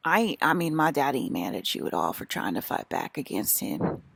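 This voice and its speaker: A woman's voice: a bass voice, big pitch swings, moderate pace, vocal fry, a bit bright, husky, no room sound. A woman with an American country accent, rambling in an agitated, profane and repetitive monologue as a vlogger.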